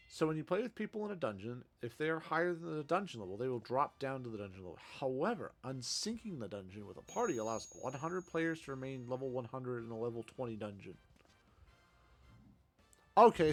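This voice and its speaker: A man streaming a game, chatting casually, laughing a lot and poking fun at himself. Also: medium pitch. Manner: chatty, self-deprecating, laughs often. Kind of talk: casual gameplay commentary.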